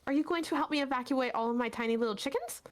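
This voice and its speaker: A woman doing a shrill, indignant chicken seller. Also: rapid-fire, natural voice. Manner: shrieking and indignant.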